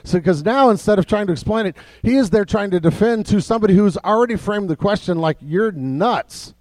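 Man, pastor, high voice, dry close sound, conversational sermon, many fillers and restarts. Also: fast, darkish tone, dry recording.

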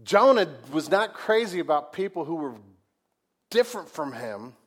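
A man with a fairly high-pitched voice delivers a sermon as a pastor. He talks to the congregation in a casual, folksy way, full of rhetorical questions and joking asides. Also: big pitch swings, normal speed.

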